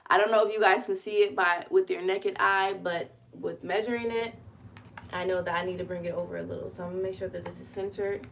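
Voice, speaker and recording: A woman with a gravelly, fry-laced voice talks casually from her living room as she streams. She chats straight to her viewers and walks them through each step of her crafting. A faint hiss sits under her voice. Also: medium pitch, fairly even intonation, a little fast. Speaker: host of a live merch-making stream. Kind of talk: casual live chat while crafting.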